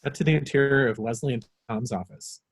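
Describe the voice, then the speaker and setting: A man reading the stage directions in a script reading, brisk and matter-of-fact. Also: medium pitch, slightly rough.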